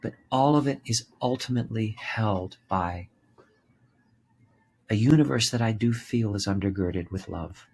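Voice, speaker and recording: A man's voice: lowish voice, a little slow, darkish tone, a little hiss or hum. A man in his sixties, a guest telling his story in a candid interview, impassioned and repeating words for emphasis, swearing freely. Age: 60s. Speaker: podcast guest, author and actor.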